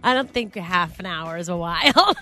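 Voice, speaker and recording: A woman co-hosting a radio show in casual banter, chatty and animated, laughing often and acting out quotes. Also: lowish voice, normal speed.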